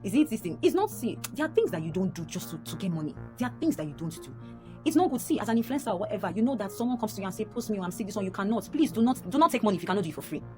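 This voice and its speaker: A young adult woman with a Nigerian accent telling a painful personal story, animated and repeating herself, her voice rising sharply when upset. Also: medium pitch, very fast, few pauses, music in the background.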